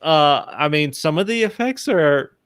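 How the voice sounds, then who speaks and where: A man's voice: fairly high pitch, animated, unhurried, fairly bright tone, smooth, no echo. A man in his thirties co-hosting a casual movie review chat, rambling with many restarts. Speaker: podcast co-host.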